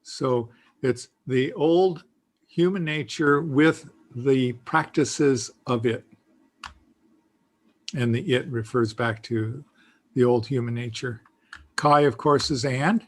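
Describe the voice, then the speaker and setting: A man teaching a beginners' Greek class in a slow, patient, explanatory way, with frequent fillers. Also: medium pitch. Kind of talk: casual teaching.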